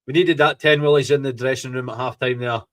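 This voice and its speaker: A Scottish man hosting a fan podcast, reacting live to a football match in an excitable, gloating way and swearing freely. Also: mid-range voice, fast.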